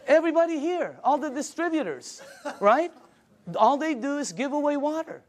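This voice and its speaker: An older man with a high voice delivering an emphatic sales pitch. He presses each point and acts out conversations with friends as he goes. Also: expressive, normal speed, a faint crowd. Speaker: business presenter. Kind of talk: sales presentation.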